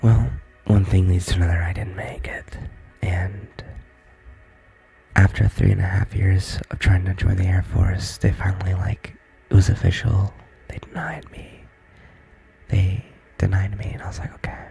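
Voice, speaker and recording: A young man talking in soft, halting whispers in a whispered role-play stream, from his barracks room. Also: low voice, little pitch movement, creaky, faint music behind.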